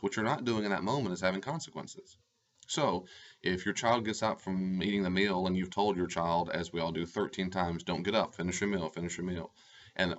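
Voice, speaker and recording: Man, very low voice with a bright forceful edge, earnest advice talk to camera, repeats phrases for stress, slightly dull lo-fi audio. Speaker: life coach.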